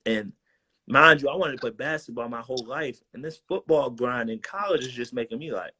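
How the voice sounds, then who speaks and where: Husky and a little fast, his mid-range voice belongs to a twenty-something former college football player. As a guest on a video call, he tells stories casually in slang, animatedly acting out what people said.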